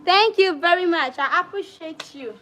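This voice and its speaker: A high-pitched young woman with a Sierra Leonean Krio-tinged accent, chatting casually on a livestream. She speaks directly to her viewers in a chatty way and mixes Krio phrases into her English. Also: moderate pace, fairly bright tone, low-quality recording. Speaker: livestream host.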